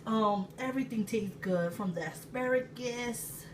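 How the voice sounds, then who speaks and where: A woman from Puerto Rico in her thirties, an excitable, chatty cooking-channel host with sudden loud exclamations and laughter, talking casually in her home kitchen. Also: medium pitch, normal speed. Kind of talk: casual cooking vlog chat. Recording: distant mic with room noise.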